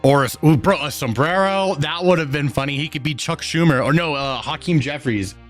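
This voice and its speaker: Casual male streamer, relaxed chatter with chat, slightly higher voice, faint music underneath. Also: a little fast. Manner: laid-back, chuckling, talks to chat.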